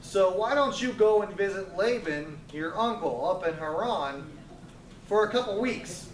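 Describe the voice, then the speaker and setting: Picture a man lightly playing a scheming mother, high for a man, coaxing her son in an urgent, conspiratorial tone. She sounds roomy and set back from the mic, with a faint room hum behind her. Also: expressive, measured pace. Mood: worried. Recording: roomy, distant, faint ambience.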